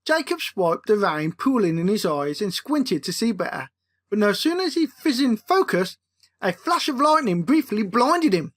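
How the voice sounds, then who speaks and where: A playful, expressive woman narrating. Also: mid-range voice, normal speed. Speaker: author reading her own book. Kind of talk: comic audiobook narration.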